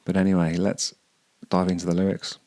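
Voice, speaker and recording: A man hosting a podcast, musing over song lyrics and often pausing to search for words. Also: sits low, monotone, mellow. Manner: hesitant, searching for words, many restarts. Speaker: podcast host.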